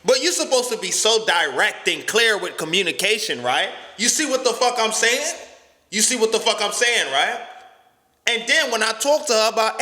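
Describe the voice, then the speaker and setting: Loud animated young man ranting. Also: sits high, normal speed, big-room sound. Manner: loud, profane, imitates voices mid-story. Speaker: podcast host. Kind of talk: animated storytelling rant.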